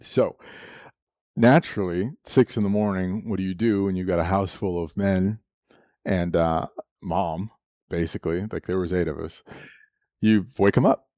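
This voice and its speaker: A man's voice: sits low, steady tone, moderate pace, pauses often, dark tone, no echo. A man preaching a sermon, telling a personal story with frequent laughs and moments of emotion.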